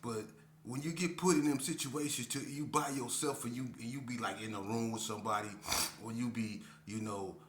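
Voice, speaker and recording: A man's voice: medium pitch, steady tone, fairly quick, a little hiss or hum. A man telling prison stories casually, rambling and repeating "man" and "you know what I'm saying". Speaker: storyteller vlogger. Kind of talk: casual storytelling. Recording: roomy echo.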